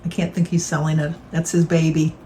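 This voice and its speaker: A woman's voice: sits low, little pitch movement, fairly quick, dark tone. Casual home vlogger woman, chatty and meandering, faint street noise. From Michigan. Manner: chatty, rambling, self-correcting. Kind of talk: casual chat.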